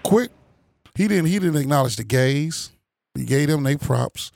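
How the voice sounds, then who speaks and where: A man from the Chicago area in a heated casual political chat, blunt and profane, often getting loud and animated. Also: fairly high pitch, a little slow, creaky. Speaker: panel commentator.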